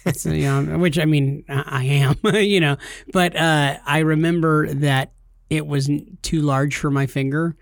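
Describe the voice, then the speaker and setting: Joking man with a fairly high voice. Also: fairly even intonation, a little slow, creaky, no room sound, studio quality. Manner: joking storyteller, puts on silly voices. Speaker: podcast co-host. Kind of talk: casual podcast chat.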